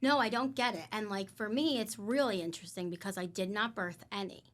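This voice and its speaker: A woman with a medium-pitched voice talks a little fast as a guest on a casual podcast. She's an animated, emphatic storyteller sharing personal stories and acting out what people said.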